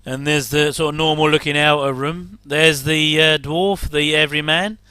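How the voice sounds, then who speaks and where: English man, middle-aged, rambling casual commentary, bright, crisp, dry close sound. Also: a little high, steady tone, moderate pace, no echo. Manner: rambling, chatty, self-deprecating asides. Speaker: host.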